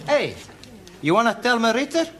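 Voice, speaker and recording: Italian-accented man, lively sitcom voice. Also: very high-pitched, normal speed. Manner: cheerful, broken English. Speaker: sitcom character, Italian student. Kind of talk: sitcom acting. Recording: noisy old TV sitcom audio.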